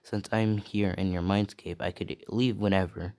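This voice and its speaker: A friendly male spirit who lives in his partner's mind and explains things in a matter-of-fact way. A man with a deep voice reads him out. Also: fairly even intonation, moderate pace, a little mellow. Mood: explaining.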